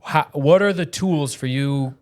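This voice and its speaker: A man's voice: a little high, unhurried, darkish tone. Wry joking male podcast co-host. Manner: wry, jokey interjections. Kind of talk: casual chat.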